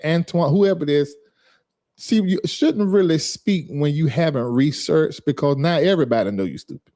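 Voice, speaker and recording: A man's voice: a little high, brisk, dark tone. A man, talking casually on a livestream. He reads viewer comments aloud and scolds a commenter with sass and a drawling rhythm. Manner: sassy, scolding, reading chat aloud. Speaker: livestream host.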